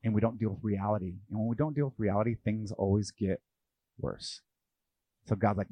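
A man's voice: on the low side, fairly even intonation, a little fast, no echo, dull audio. A man preaching a sermon as pastor. He asks his listeners questions and acts out the voices of the people he quotes.

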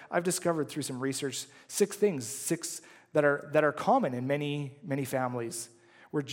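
A man delivers a Sunday sermon in an earnest, conversational way, reading scripture and then talking it through with his congregation. His voice sits at an ordinary middle pitch. The sound carries the long reverb of a large sanctuary. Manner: earnest, conversational preaching with frequent "right?" asides. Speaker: pastor.

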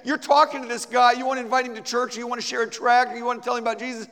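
A man's voice: extremely high pitch, flat delivery, very fast, fairly bright tone. A man teaching a church class, who talks it through casually and acts out little scenes with a volunteer. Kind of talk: church teaching with a live role-play. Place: church hall. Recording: reverberant hall.

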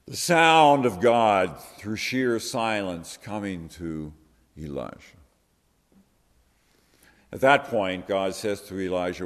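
A man with a very deep voice preaches a sermon in an earnest, conversational manner, putting rhetorical questions to his listeners. His words ring out with a long reverb, as in a large hall. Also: lively intonation, slow, long pauses.

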